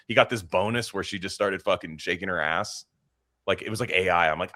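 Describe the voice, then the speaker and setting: A man hosting a podcast in casual, crude banter, rambling and swearing, now and then mocking accents in a high put-on voice. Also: steady tone, fast talker, bright, forceful tone. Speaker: podcast host.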